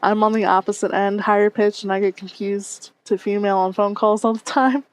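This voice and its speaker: A woman's voice: medium pitch, steady tone, fairly quick. A woman streamer chatting casually with her viewers on a headset mic, reading and answering chat and laughing often.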